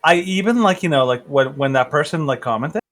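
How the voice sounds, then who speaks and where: A man co-hosting a podcast, chatting casually, animated and laughing, with frequent stammered restarts. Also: a little high, a little fast. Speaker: podcast co-host. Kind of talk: casual political chat.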